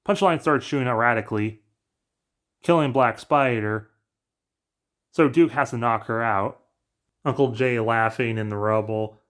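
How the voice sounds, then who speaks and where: A man with a mid-range voice talking through a story recap. His telling is casual, brisk and offhand, like someone chatting ideas to viewers. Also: mid-range voice, fairly bright tone. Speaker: narrator pitching story ideas. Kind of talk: casual plot recap narration.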